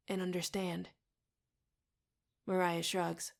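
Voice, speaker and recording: A woman reading a first-person audiobook in a steady, intimate way. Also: lowish voice, a little slow, gravelly, pauses often. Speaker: audiobook reader.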